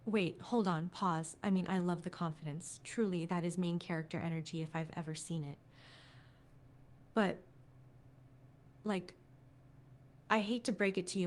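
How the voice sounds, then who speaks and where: Articulate lowish synthetic woman. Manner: articulate, earnest, lecturing. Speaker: AI chat companion. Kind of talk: conversational AI replies.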